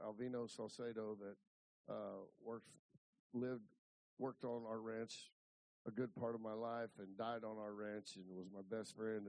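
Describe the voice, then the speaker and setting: Fifties preacher from Ohio, rambling folksy storyteller, dry room. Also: male voice, on the low side, vocal fry, a little mellow, no echo, low-quality recording. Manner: rambling, repeats words and restarts.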